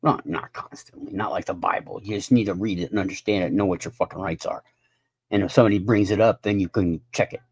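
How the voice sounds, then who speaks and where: A man's voice: sits low, fairly even intonation, fast talker, darkish tone, slightly rough, no echo. A man in his fifties ranting in a casual live stream monologue, profane and rambling. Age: 50s.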